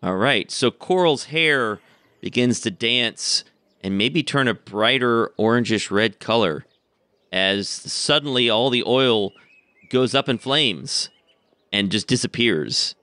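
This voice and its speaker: A man's voice: mid-range voice, lively intonation, takes it slowly, bright, forceful tone, no echo. A man narrating a tabletop role-playing game as game master, telling the story steadily and chuckling often.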